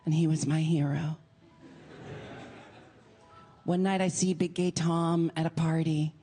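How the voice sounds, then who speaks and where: A woman doing stand-up comedy, telling a story in an animated, self-mocking way. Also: deep voice, measured pace.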